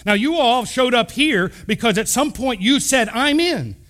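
Man, middle-aged, from Texas, pastor, high-pitched, animated sermon storytelling. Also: normal speed. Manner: animated, acts out quoted voices, conversational asides.

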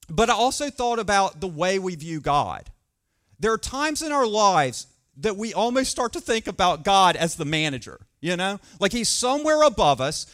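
A man's voice: fairly high pitch, fairly bright tone. A man preaching a sermon, telling a story with emphatic repetition.

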